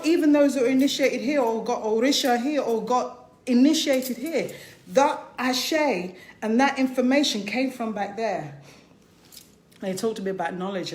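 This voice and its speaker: A woman's voice: a little high, roomy sound, a little hiss or hum. A woman giving an informal spiritual talk as a priest and teacher, passionate and conversational, pressing her points with rhetorical questions.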